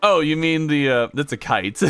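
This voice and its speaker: A man's voice: a little high, pushed and bright, smooth. Joking young male game streamer. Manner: joking, chatty, replies to chat. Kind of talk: casual live-stream chat.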